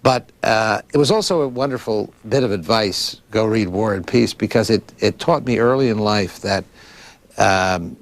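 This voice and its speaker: A man's voice: on the low side, no room sound. A man in his sixties from Philadelphia, giving long, thoughtful and digressive interview answers as a librarian, with frequent restarts. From Philadelphia, United States. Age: 60s.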